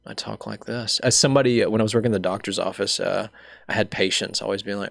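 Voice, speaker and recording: A young man from Alabama hosts a relaxed chat in a Southern accent, his low voice gravelly and creaky. He tells stories animatedly and acts out the people he quotes. The sound is dry and close, with no room echo. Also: fast talker. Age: young adult. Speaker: podcast host. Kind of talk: casual interview chat.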